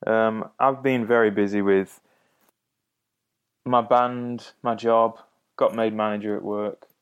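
A man's voice: lowish voice, little pitch movement, takes it slowly, clean tone, dull audio. A man co-hosting a music podcast in casual chat, with easygoing, joking banter.

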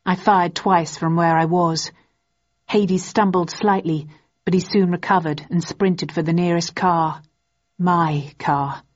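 A woman reading a first-person novel aloud in a measured, even storytelling manner. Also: on the low side, highs cut off. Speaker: audiobook narrator.

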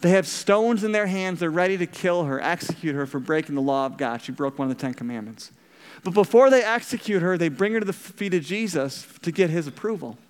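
Male pastor, sermon storyteller who questions the congregation; smooth tone, reverberant hall. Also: a little high, lively intonation, fairly quick.

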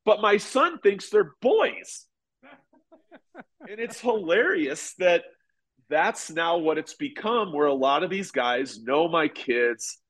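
A man in his forties talks in a slightly high voice. He tells stories as a podcast guest, relaxed and rambling, full of restarts. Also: takes it slowly. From United States. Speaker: podcast guest, former pitcher and golfer. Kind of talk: casual interview storytelling.

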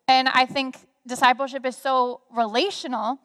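Young woman, high voice, lively chatty storyteller with lots of fillers, big reverberant room. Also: normal speed, hardly any pauses. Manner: animated storytelling with many fillers. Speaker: guest speaker. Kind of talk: conversational sharing on a church stage. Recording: reverberant hall sound.

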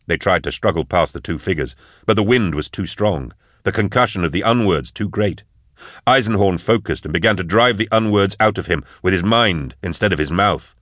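A man giving steady, measured scripted narration of an audiobook. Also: low-pitched, dry recording, clean studio sound.

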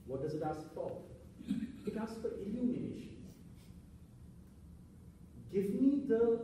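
A high-voiced man gives an earnest spiritual lecture, posing one rhetorical question after another. His tone is mellow and soft-edged. He is heard from a distance in a large hall, with heavy echo around every word. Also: slight background noise. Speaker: speaker on Vedanta. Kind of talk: public talk to an audience. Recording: echoey hall, mic from far off.

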